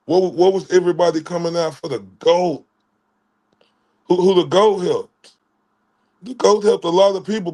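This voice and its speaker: A man's voice: sits high, a little mellow. A man from Texas, streaming commentary in a preachy way and repeating his phrases.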